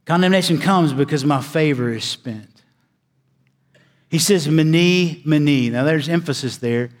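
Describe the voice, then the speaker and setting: Man preaching in a reverberant church hall. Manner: preaching with dramatic pauses, swings between loud emphasis and hushed low delivery. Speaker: pastor. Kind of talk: sermon.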